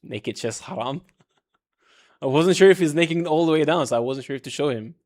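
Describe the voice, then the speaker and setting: An Israeli man hosting a casual live stream, teasing strangers with quick, provocative banter. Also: a little high, darkish tone.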